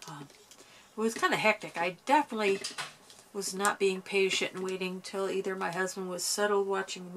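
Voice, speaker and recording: Soft-spoken woman walking through a craft. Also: mid-range voice, slight background noise. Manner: soft-spoken, chatty, gentle step-by-step guidance. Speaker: craft tutorial host. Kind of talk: casual craft tutorial. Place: home.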